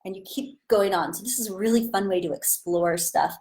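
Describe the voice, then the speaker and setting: A woman acting teacher talks through a live-streamed lesson, chatty and enthusiastic, in a mid-pitched voice. Her delivery is casual and she slips into sudden bursts as she demonstrates. The sound comes from a simple webcam-style mic. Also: brisk, darkish tone. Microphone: webcam or phone on a live stream.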